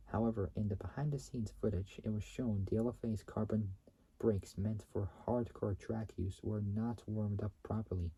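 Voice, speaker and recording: A man reads car facts for his own video in a very low, dark, mellow voice. He stumbles often, restarting and repeating phrases before correcting himself. A faint hiss sits under the recording. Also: rough recording. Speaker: YouTube channel host.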